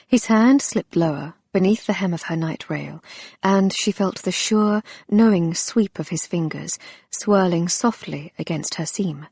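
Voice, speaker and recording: A woman reads a romance audiobook in a low, husky voice. Her narration is soft, intimate and measured, recorded dry and close with no room at all. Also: dry recording. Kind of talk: scripted narration.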